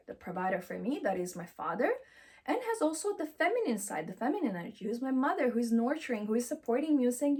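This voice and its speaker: A woman coaching self-love in an animated, swooping voice that sits a little high for her. Her tone is husky and breathy, emphatic and affirming, and she repeats encouraging phrases in slightly non-native English. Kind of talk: motivational talk to camera.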